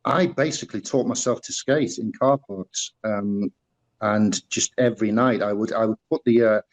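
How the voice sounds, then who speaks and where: A man's voice: fairly low pitch, normal speed, poor audio. Rambling man with a Teesside accent. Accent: Northeast English (Teesside). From England, northeast (Middlesbrough). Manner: rambling, many fillers and restarts. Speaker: guest, former musical performer. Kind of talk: casual interview storytelling.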